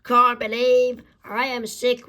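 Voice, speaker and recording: A man voicing a sick male airline passenger in a fan comic reading, speaking slowly and complaining. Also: very high voice, flat delivery, sharp tone, voice pushed up, heavily acted. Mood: grumbling.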